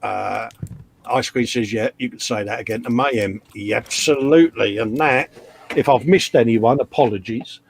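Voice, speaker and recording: A man's voice: mid-range voice, moderate pace, gravelly, slight background noise. A man hosting a live model-building stream, joking and reading out viewer comments in casual banter. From England. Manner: jokey, reads viewer comments aloud.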